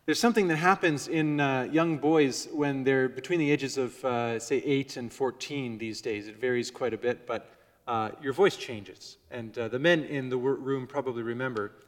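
A middle-aged male pastor preaching a sermon earnestly, dropping to a soft hush on key words. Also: a little high, in a large hall. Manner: earnest, varies volume, drops to soft near-whisper on key words. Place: church sanctuary.

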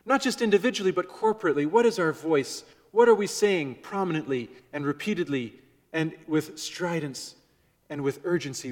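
Middle-aged male pastor, slightly high voice, earnest sermon delivery with soft hushed emphases, echoing sanctuary. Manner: earnest, varies volume, drops to soft near-whisper on key words. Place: church sanctuary.

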